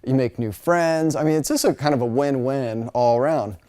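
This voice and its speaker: A man's voice: mid-range voice, normal speed, dark tone. A middle-aged man from the United States giving a casual, chatty Bible college lecture. He fills his talk with asides and fillers and now and then mimics other people's voices.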